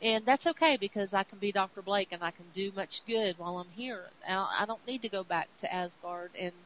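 A woman co-hosting a podcast, casually recapping comic stories with lively retellings of what the characters say. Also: medium pitch, fairly quick. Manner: animated retelling, quoting characters in her own voice. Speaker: podcast co-host. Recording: dull lo-fi audio with faint hiss.

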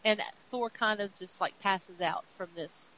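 A woman co-hosting a podcast, casually recapping comic stories with lively retellings of what the characters say. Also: mid-range voice, measured pace. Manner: animated retelling, quoting characters in her own voice. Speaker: podcast co-host. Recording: dull lo-fi audio with faint hiss.

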